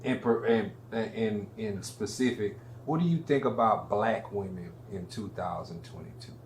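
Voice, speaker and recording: A man hosting an interview, asking questions in a slow, deliberate way. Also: lowish voice, a little hiss or hum. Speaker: interview host. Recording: echoey room with faint ambience.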